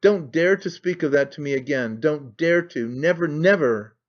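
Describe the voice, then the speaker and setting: Man putting on a furious woman in childbirth, pained, scornful, higher voice, muffled audio. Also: lively intonation, normal speed, natural voice. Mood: angry, anguished. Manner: scornful and imperious. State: in pain. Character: sick, furious young woman in labour.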